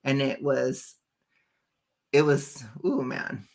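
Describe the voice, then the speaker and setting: A woman's voice: extremely low pitch, level tone, takes it slowly, gravelly. A woman co-host in a casual reaction chat, speaking emphatically with colloquial phrasing.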